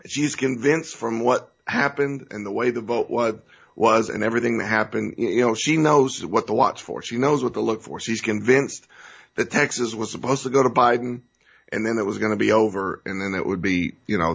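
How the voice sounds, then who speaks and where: Male talk host, very low and husky, earnest and rambling, lo-fi audio. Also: normal speed, a bit bright. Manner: earnest, rambling, restarts and gets choked up. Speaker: show host. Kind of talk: emotional political talk show monologue.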